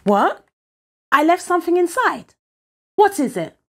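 A woman's voice: medium pitch, big pitch swings, a little slow. A woman voicing a proud, stubborn young boy in a read-aloud picture book, boastful and indignant.

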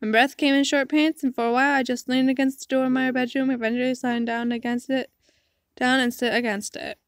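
A woman's voice: sits high, flat delivery, a little fast, no room sound. A young woman reading a visual novel aloud, narrating and voicing the heroine with earnest emotion. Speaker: game player reading aloud.

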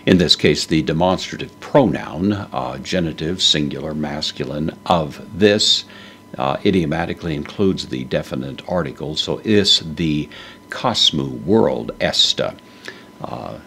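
Very deep-voiced man teaching Greek grammar. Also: expressive, fairly bright tone, slight background noise. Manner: methodical, parses grammar aloud with frequent "uh" pauses. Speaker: Bible teacher. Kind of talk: verse-by-verse Greek Bible lesson.

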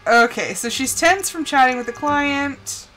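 This is casual live-stream commentary from a young woman playing a life-simulation game, full of laughter and remarks aimed at the characters on screen. Her high-pitched, fairly bright voice is unhurried, with a little hiss or hum in the recording.

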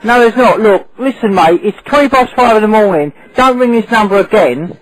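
Angry guy on the phone, swearing a lot, kinda high voice, tinny line. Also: animated, brisk, over music. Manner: furious, swearing, woken in the early morning. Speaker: prank call victim.

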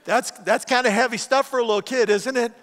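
A middle-aged man preaches as a guest speaker in a church auditorium, telling stories with self-deprecating humor. His voice is extremely high, steady, brisk, and fairly bright, and the recording carries long church hall reverb.

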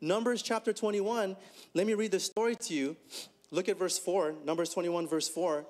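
Male pastor, higher register, lively preaching, full of rhetorical questions and big pitch swings. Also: normal speed. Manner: animated, rhetorical questions, swings between high and low pitch. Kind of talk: conversational sermon.

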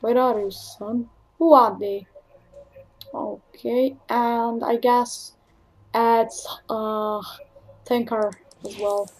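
A woman commentating her own video game match, excitable and profane, trash-talking and bursting into shrieks. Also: a little high, very slow, pauses often. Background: faint keyboard and mouse clicking.

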